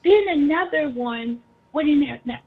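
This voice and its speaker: A woman chatting casually on a talk show, animated and teasing, laughing often. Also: sits high, moderate pace, phone-quality sound.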